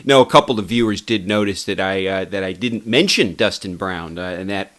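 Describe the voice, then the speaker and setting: A man's voice: low-pitched, brisk, a bit bright. A man hosting a casual commentary video, chatty and rambling with frequent "uh" fillers. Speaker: host and professor.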